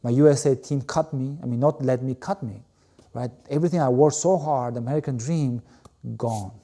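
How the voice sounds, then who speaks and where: Man, mellow emphatic storyteller. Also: medium pitch, a little fast. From Albania. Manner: emphatic, repeats words, frequent "you know". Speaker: interview guest, former volleyball player. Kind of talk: animated storytelling in conversation.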